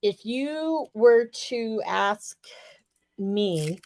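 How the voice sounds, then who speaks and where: A woman's voice: mid-range voice, animated, drawn-out words, a little mellow. A woman from the US West Coast co-hosting a casual wrestling podcast, emphatic, profane and fired-up. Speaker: podcast co-host.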